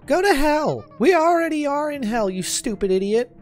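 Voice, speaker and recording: A man doing shrill bickering demon women. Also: big pitch swings, normal speed, faint music behind. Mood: spiteful.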